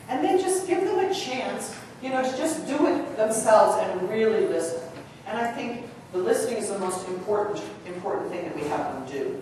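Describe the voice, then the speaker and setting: Distant woman coaching in an echoing hall. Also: fairly high pitch. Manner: energetic, chatty, coaching with frequent asides. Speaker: choral clinician leading a workshop. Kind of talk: live workshop instruction to choir directors. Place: large conference hall. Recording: distant voice in a big echoing hall with room noise.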